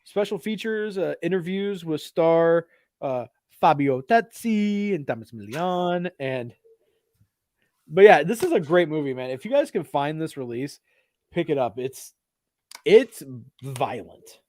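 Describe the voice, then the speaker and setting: A man with a fairly high voice talks films in a loose, animated way, swearing freely and dropping into mocking voices. The sound is close and dry, with no room around it. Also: measured pace, dry recording. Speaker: podcast co-host. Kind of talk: casual chat about films.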